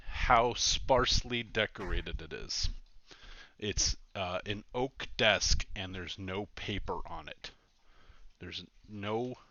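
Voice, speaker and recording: Bright-voiced male game master. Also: on the low side, dry recording, dull audio. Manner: descriptive, chatty, many fillers. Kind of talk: narrating a tabletop game over a stream.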